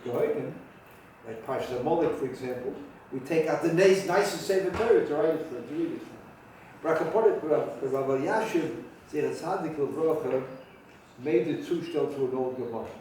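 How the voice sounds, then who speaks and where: A man rabbi teaching a halacha class, talking with halting restarts and sudden emphatic rises in pitch. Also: darkish tone, a little hiss or hum. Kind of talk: spoken Torah lecture. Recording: very echoey room from far off.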